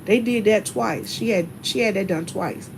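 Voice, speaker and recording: A woman's voice: mid-range voice, moderate pace, background noise. A woman vlogger telling stories in a chatty, casual way, laughing often and talking to her viewers as y'all. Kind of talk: casual storytelling.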